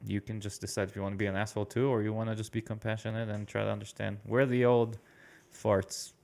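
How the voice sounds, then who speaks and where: A man's voice: lowish voice, level tone, fast, vocal fry, darkish tone. A man in his thirties hosting a casual podcast, talking in a laid-back, encouraging way. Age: 30s. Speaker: podcast host.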